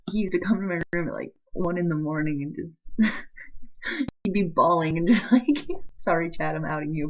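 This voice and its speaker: A young woman talks to her camera in a low, husky voice, teary and emotional. She rambles and stops and starts, laughing through the tears. The sound is dull and lo-fi, like built-in camera audio. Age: young adult. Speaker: vlogger. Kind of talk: emotional vlog confession.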